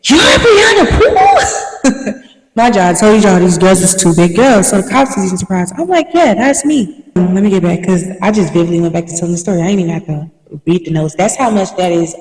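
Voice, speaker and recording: A young woman hosting a podcast, telling a story in a lively, slangy, animated way. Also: lowish voice, quick pace. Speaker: podcast host. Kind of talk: casual storytelling. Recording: echoey room, mic at a distance.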